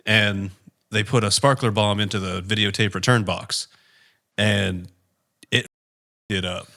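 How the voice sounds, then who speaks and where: A young man with a low voice and a sharp, forceful edge. He rambles through his story in casual chat, with plenty of fillers and a few curse words. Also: fairly even intonation, unhurried, gravelly. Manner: rambling, lots of fillers, swears.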